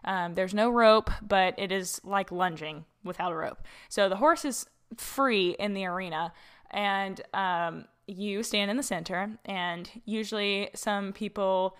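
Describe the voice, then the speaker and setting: Chatty young woman with a smooth voice. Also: mid-range voice, unhurried, a bit bright. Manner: chatty, laughs often, frequent fillers. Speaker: podcast host. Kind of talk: casual solo podcast. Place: borrowed house, slightly echoey room. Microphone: own podcast mic.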